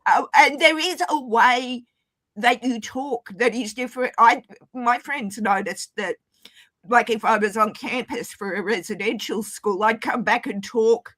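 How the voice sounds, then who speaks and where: A woman's voice: a little high, unhurried, a bit bright, no room sound, low-quality recording. A woman in her forties hosting a casual chat, teasing and chatty. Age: 40s.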